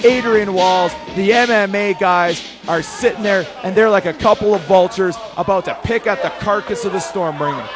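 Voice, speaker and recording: A man, a wrestler loudly and excitably calling his own match in boastful play-by-play. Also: high voice, moderate pace, few pauses, music in the background. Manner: loud, excitable, boastful, shouting. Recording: loud arena crowd behind.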